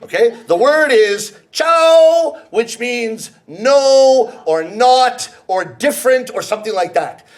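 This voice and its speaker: A man's voice: extremely high pitch, lively intonation, slow, hardly any pauses. A man from Canada performing comedy storytelling live on a theater stage, playful and teasing the audience. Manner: playful, teasing the audience, acting out quoted voices. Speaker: rakugo storyteller.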